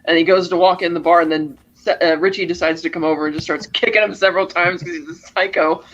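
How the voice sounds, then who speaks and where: A man's voice: on the high side, fairly even intonation, fast, a bit bright, muffled recording. A man co-hosting a podcast, casually retelling a movie's scenes and acting out the characters' lines. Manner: retells scenes with acted-out quotes. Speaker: podcast co-host. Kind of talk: casual movie recap chat.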